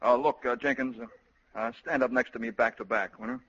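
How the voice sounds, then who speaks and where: A sly, scheming army colonel. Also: male voice, medium pitch, fairly even intonation, husky. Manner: brisk, bossy, hushed and conspiratorial. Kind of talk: vintage radio comedy acting. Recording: lo-fi old radio recording.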